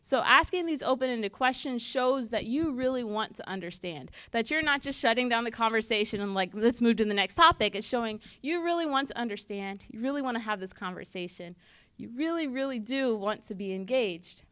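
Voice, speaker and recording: A woman's voice: fairly high pitch, expressive, brisk, a bit bright, no echo. Woman giving a conversational church talk. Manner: conversational, acts out little dialogues. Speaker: church speaker. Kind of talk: teaching talk.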